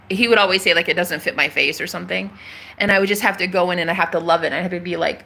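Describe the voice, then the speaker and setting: Woman vlogger, bright and forceful tone, excitable, emphatic, sweary, casual monologue to camera. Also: fairly low pitch, fast talker, vocal fry. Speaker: spiritual vlogger.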